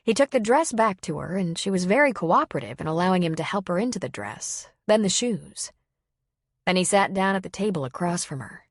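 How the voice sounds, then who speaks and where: Woman, audiobook narration, even clear storytelling, lowish voice, dry close recording. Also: a little fast, dry recording.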